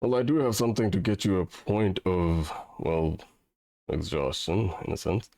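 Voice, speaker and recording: A man voicing a dragon spirit who speaks in a slow, musing way. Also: sits low, lively intonation, gravelly, mellow, dry recording, studio quality. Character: pondering dragon spirit, calm and dry.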